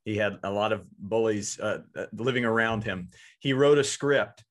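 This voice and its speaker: A man with a somewhat low voice hosts a casual podcast chat about coaching kids. He speaks earnestly and stumbles over his words, repeating them as he works out each point. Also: normal speed. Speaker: podcast host and youth baseball coach.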